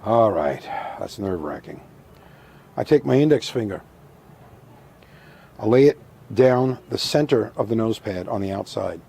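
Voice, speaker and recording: A middle-aged man calmly demonstrating a hands-on craft step by step, methodical and repetitive with a touch of dry humor. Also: lowish voice, a little slow, gravelly, pauses often, slightly rough. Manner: calm, methodical, repeats instructions, dry humor. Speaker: taxidermy instructor.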